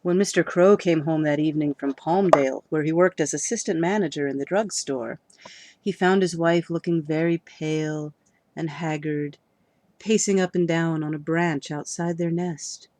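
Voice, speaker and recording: A woman reading a children's storybook aloud, lively and expressive. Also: low voice, normal speed, no room sound.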